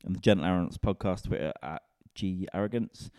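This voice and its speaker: A man's voice: low-pitched, a little fast, darkish tone, no echo, studio quality. A man, a comedian and podcast host, rambling in a casual, sweary, self-mocking solo rant.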